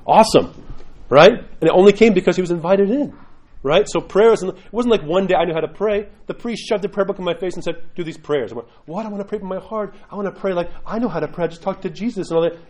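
A middle-aged man teaches a church class in a sermon style, talking fast and conversationally. His voice sits a bit high for a man, and he slips into little acted-out quotes to make his points. The delivery stays lively and direct throughout. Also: low-quality recording.

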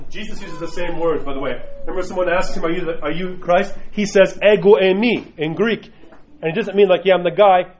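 A high-voiced, somewhat mellow man teaches religion to a group from an Orthodox Christian perspective. He keeps stopping to ask the class questions, speaking unevenly, and the recording sounds dull and lo-fi.

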